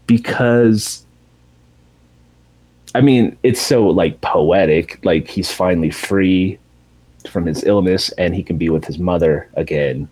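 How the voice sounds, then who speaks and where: Low, dark-voiced man telling a story. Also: slow pace, slightly rough, low-quality recording. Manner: animated storytelling with profanity, acting out characters in raised voices. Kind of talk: casual chat retelling a TV finale.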